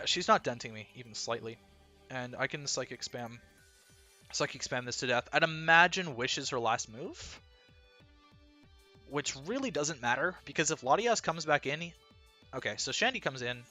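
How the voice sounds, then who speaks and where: A man narrates his own competitive battle in real time, working through each decision aloud. His voice is bright and swings widely in pitch, jumping up in disbelief when something surprises him. Faint music runs quietly underneath. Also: animated, moderate pace. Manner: analytical, thinking aloud, incredulous bursts. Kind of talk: live gameplay commentary.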